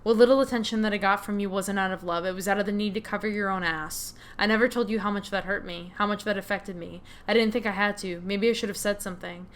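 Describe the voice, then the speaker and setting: A woman voicing a hurt, angry young woman confronting her family, read in a steady, bitter tone while playing a game. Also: medium pitch, fast, hardly any pauses, close to an everyday voice. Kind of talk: reading game dialogue aloud.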